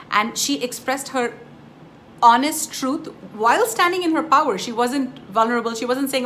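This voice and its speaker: A woman's voice: on the high side, a little fast, a bit bright, a little hiss or hum. A woman giving a casual spiritual teaching, telling stories emphatically and addressing her viewers directly. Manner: emphatic, storytelling, addresses viewers as "you guys".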